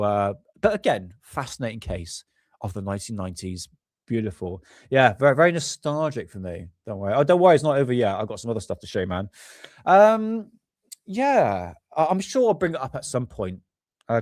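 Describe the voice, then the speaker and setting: A man's voice: mid-range voice, no echo, clean studio sound. A man hosting a UFO live stream, rambling casually and swearing while he hunts for videos. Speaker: UFO channel host.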